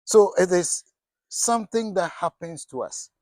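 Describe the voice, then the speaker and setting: A man's voice: high-pitched, animated, unhurried, darkish tone, no room sound. Man preaching with questioning restarts. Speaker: pastor. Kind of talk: sermon.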